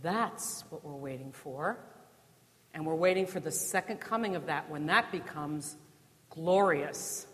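A woman from New Jersey preaches a conversational sermon in a church, using rhetorical questions and dry humor. Her voice sits low and her pace is measured, and the recording carries the church's long reverb.

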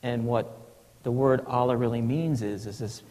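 Male preacher, mid-pitched, thoughtful and unhurried, recorded in a reverberant church. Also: fairly even intonation. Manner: slow and reflective, with hushed breathy passages. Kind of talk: sermon.

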